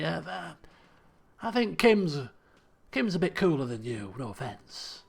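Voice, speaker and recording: A man commenting as he plays a game, animated, laughing and muttering to himself as he thinks. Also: a little high, measured pace, creaky, slightly rough. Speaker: let's play host. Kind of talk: gameplay commentary.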